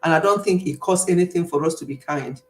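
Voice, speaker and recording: A woman's voice: deep voice, fast talker, echoey room, rough recording. A middle-aged woman hosting a casual live stream, chatting, reading comments and laughing often.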